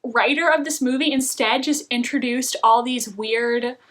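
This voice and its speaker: A woman's voice: a little high, unhurried, a bit bright. A young woman vlogging casual TV reviews, chatty and opinionated, laughing often as she talks. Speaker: book and TV vlogger.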